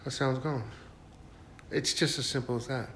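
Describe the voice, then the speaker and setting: A man giving a casual, rambling spiritual talk, sometimes dropping to a hush as he guides listeners. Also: mid-range voice, steady tone, moderate pace. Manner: rambling, restarts, soft guided hushing at times. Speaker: spiritual channel host. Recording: faint background noise.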